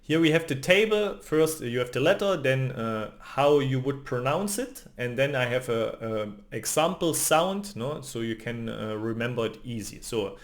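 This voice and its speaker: A man's voice: mid-range voice, expressive, moderate pace, hardly any pauses. A man giving an online language lesson, explaining patiently and often ending lines with a questioning "no?". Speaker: language teacher.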